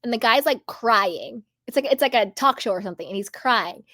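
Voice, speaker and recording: A woman's voice: fairly high pitch, moderate pace, fairly bright tone, no echo. Opinionated woman with a dry, close sound. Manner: emphatic, opinionated, repetitive. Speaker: channel host. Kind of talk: reality TV commentary.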